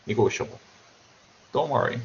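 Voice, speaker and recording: A man with a Korean accent, a native Korean speaker, giving a remote university lecture in a joking, animated way and often repeating himself. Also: normal speed, highs cut off, slight background noise.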